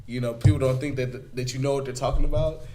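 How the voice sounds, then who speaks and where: A man in a relaxed Bible study group who chimes in with quick agreements and jokes. His mid-pitched voice is partly covered by loud background noise and clicking. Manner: short agreeing replies and jokes. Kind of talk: casual Bible study discussion.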